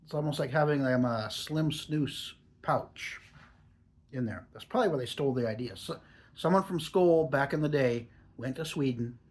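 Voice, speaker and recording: A man's voice: mid-range voice, normal speed, darkish tone. A man in his forties talking in a chatty, rambling, easygoing way while reviewing a product for a casual vlog.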